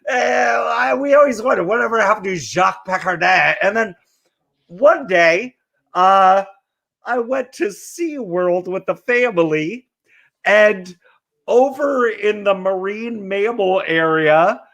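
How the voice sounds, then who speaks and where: A man co-hosting a casual podcast, telling a comic tall tale in a deadpan, joking way. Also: high voice, takes it slowly. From California. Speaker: podcast co-host.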